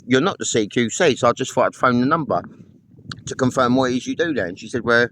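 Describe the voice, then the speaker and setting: Quick and expressive, this medium-pitched male voice carries a slight hiss or hum. The speaker, a homeless vlogger, delivers an angry personal rant to camera full of swearing and repetition about phone calls he made.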